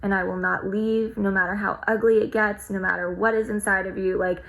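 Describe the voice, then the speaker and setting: A woman's voice: medium pitch, level tone, brisk, creaky, fairly bright tone, poor audio. A woman vlogger sharing a personal experience in a reflective, heartfelt way, with lots of "like" fillers. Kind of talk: personal storytelling to camera.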